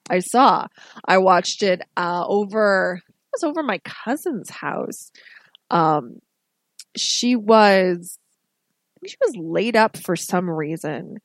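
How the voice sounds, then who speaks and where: A woman co-hosting a casual podcast, telling stories in a chatty, animated way. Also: mid-range voice, slow pace, no echo. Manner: chatty, animated storytelling with restarts. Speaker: podcast co-host.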